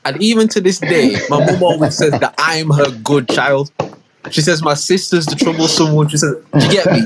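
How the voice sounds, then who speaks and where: A young man, co-hosting a podcast and telling a story in casual chat, animated and full of slang. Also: fairly high pitch, moderate pace, background noise. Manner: animated, slangy, acts out quoted dialogue. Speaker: podcast co-host.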